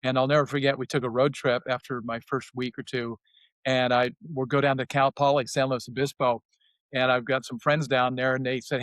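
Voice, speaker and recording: A man's voice: mid-range voice, brisk, no room sound. A man in his sixties, a former player, telling stories about his old coach in casual podcast talk, acting out quotes in a raised voice. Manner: animated, acts out quotes in a raised voice. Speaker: former player sharing memories.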